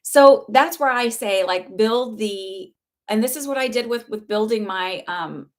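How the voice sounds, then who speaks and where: A woman's voice: medium pitch, measured pace. Earnest woman giving spiritual advice live. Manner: earnest, reassuring, rambling with fillers and restarts. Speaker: spiritual teacher and psychic reader. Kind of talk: casual live-stream talk.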